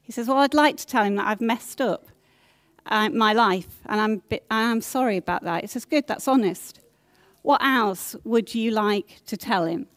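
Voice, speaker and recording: A middle-aged woman preaching in an earnest, gentle way, slowing down to stress her points. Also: a little high, no echo. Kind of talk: sermon.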